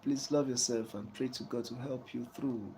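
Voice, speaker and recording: Casual host, warm and mellow, chuckling preachy advice, faint background hum. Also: male voice, medium pitch, fairly even intonation, moderate pace, rough recording. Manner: preachy, repeats "you understand?" often; soft chuckles between points. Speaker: channel host giving life advice. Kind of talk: casual advice talk to a viewer.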